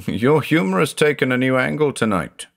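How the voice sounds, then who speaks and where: A man voicing a stern male psychiatrist who speaks in a sharp, clipped, professional way. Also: mid-range voice, sing-song, normal speed, creaky, pitched above the performer's own voice. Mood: brisk.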